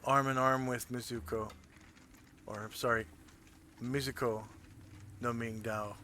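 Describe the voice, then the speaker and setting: A man narrating a tabletop game as game master, describing scenes in an unhurried, loosely improvised way. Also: medium pitch, steady tone, pushed and bright, a little hiss or hum.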